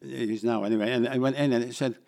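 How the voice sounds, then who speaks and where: A man's voice: medium pitch, steady tone, fast, gravelly, a little mellow. Chatty older Mancunian man. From England. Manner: rambling, chatty, self-deprecating. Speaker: guest actor. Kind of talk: casual interview chat.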